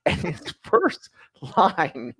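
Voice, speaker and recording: A man co-hosting a podcast in casual chat, teasing his partner and reading things aloud slowly. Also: sits high, wildly swooping pitch, fairly bright tone, breathy edge, dry recording, clean studio sound. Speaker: podcast co-host.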